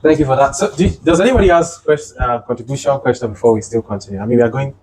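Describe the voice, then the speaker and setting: Quick-talking male host. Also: medium pitch, a little mellow, a little hiss or hum, low-quality recording. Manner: brief acknowledgments, quick moderating.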